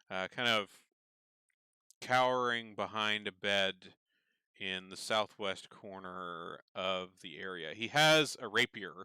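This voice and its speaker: A man narrating a tabletop game as game master, relaxed and full of fillers. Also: fairly low pitch, clear, resonant tone, no room sound.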